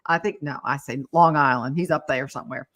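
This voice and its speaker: A middle-aged woman hosting a casual chat, telling lively stories and breaking into bits of song. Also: extremely low pitch, fairly quick. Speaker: talk show host.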